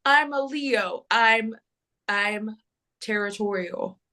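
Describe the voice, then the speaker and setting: A woman's voice: mid-range voice, takes it slowly, pushed and bright. A woman with a Kentucky accent co-hosting a live astrology stream in a casual, bubbly, chatty way. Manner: bubbly, uses y'all.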